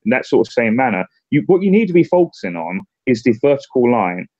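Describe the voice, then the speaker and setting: A man's voice: mid-range voice, very animated, darkish tone, dry recording. Man, political candidate, casual chat, stumbling restarts, dry muffled lo-fi audio. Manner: halting, repeats words when starting sentences.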